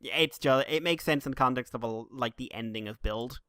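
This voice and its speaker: A podcast co-host with a medium-pitched, fairly bright, clean voice chats casually at normal speed, rambling, laughing, and restarting often. The recording is studio quality with no room sound.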